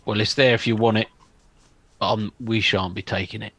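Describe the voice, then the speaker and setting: A man playing a tabletop game, speaking in a measured, slightly formal way. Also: fairly low pitch, fairly even intonation, pushed and bright, no echo. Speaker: player. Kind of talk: casual play at a tabletop game.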